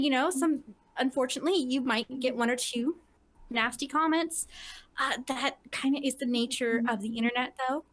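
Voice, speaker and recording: A woman's voice: sits high, fairly bright tone. A woman on a podcast panel, talking about cosplay in a candid, blunt, casual way.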